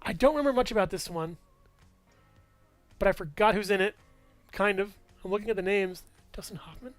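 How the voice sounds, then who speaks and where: A man chats through his movie picks in a loose, rambling way, with plenty of fillers and self-corrections. His voice sits high for a man and sounds smooth and clean. The sound is dry and close, with faint music underneath. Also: a little fast, no room sound. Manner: rambling, full of fillers and restarts, chuckles often. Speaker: movie reviewer. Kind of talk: casual movie review vlog.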